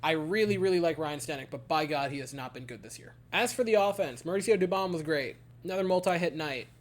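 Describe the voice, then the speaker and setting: A man giving a casual baseball game recap, ranting in an exasperated, animated way. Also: a little high, fast talker. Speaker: baseball fan commentator.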